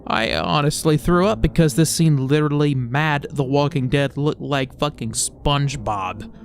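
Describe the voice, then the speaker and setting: A man's voice: fairly high pitch, moderate pace, creaky, slight background noise. A man reading a story aloud with comedic commentary, exasperated, stammering and swearing as he reacts. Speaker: creepypasta reviewer.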